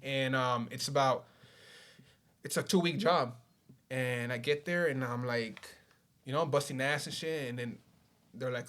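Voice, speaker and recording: A man's voice: medium pitch, measured pace, pauses often, a bit bright. A man, telling his life story on a podcast in a laid-back way, swearing often and saying "you know" a lot. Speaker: podcast guest. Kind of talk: casual storytelling.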